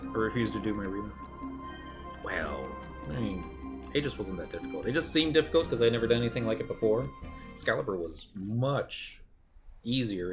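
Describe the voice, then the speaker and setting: A man giving casual, offhand gaming commentary between cutscenes, with quick, lively asides. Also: medium pitch. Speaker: gamer reading cutscenes aloud.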